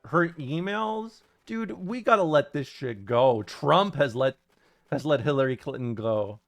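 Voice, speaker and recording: A man's voice: on the high side, animated, a little slow, fairly bright tone, faint music behind. A man streaming a video game, chatting casually and reacting to chat with profane, incredulous jokes. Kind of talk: casual gameplay commentary.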